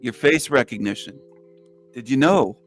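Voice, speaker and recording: A man calling into an online voice chat, taunting another caller in a flat, mocking, repetitive way. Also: mid-range voice, a little slow, faint music behind. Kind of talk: trolling taunts.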